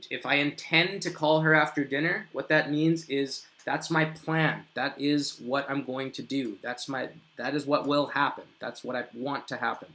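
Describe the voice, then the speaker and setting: Man teaching English, slow and careful. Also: mid-range voice, steady tone, sharp tone. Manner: explains slowly and stretches out example sentences; reads viewers' comments aloud and corrects them. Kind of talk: live online grammar lesson.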